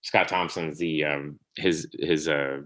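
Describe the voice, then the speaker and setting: A man, a podcast guest, telling stories in casual conversation, animated and laughing often. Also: rumbling low, takes it slowly. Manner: animated storytelling, laughs often, trails off and restarts.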